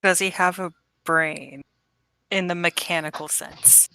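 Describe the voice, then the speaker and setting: Slow-talking, low-voiced woman player. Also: gravelly, sharp tone. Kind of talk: casual tabletop play.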